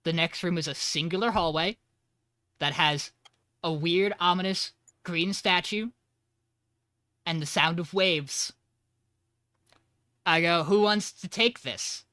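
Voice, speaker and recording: A man's voice: a little high, steady tone, takes it slowly, pauses often, sharp tone, dry recording, studio quality. A man co-hosting a podcast, casually retelling a tabletop game session and acting out quoted lines. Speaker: podcast co-host. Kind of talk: casual storytelling recap.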